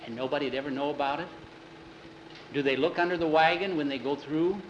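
A man telling a story aloud in plain, unhurried narration, with a roomy echo. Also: fairly high pitch, fairly even intonation, a little hiss or hum. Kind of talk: oral storytelling. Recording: roomy echo, faint ambience.

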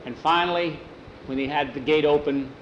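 A man spinning a western yarn aloud in a folksy, unhurried manner, peppering it with "he says." His voice sits a touch high for a man. A faint hiss of noise runs underneath. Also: steady tone, muffled recording. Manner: folksy, repeating "he says" between lines. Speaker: storyteller. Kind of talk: oral storytelling.

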